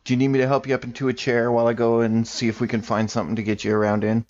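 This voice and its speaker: A man's voice: medium pitch, monotone, rapid-fire, darkish tone, pitched above the performer's own voice, close to an everyday voice. A man playing a laid-back young man in a role-play, talking casually with fillers like "like" and "dude". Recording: slightly muffled lo-fi mic.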